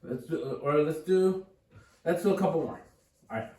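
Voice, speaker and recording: A man's voice: fairly high pitch, normal speed, dark tone. Upbeat man tutoring math in an echoey room. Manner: upbeat, encouraging, thinks aloud with restarts. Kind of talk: casual whiteboard math lesson. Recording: echoey room, mic at a distance.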